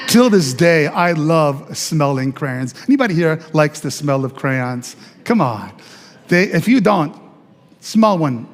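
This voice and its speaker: High-voiced pastor telling his testimony. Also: long reverb tail. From Italy. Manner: conversational, chatty with fillers and audience asides. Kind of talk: testimony sermon storytelling. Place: church sanctuary.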